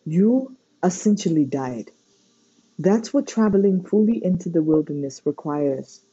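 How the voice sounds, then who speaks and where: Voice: medium pitch, animated, unhurried, mellow, husky. A reader voicing a blunt, scolding adult male mentor in a storybook reading. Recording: dull lo-fi recording.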